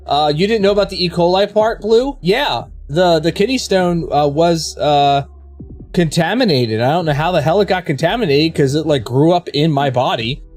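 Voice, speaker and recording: Streamer with a lively, swooping delivery, rambling and blunt, faint music underneath. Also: medium pitch, normal speed. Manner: rambling, frank storyteller with swearing and restarts. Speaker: game streamer. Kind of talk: casual chat with viewers while streaming.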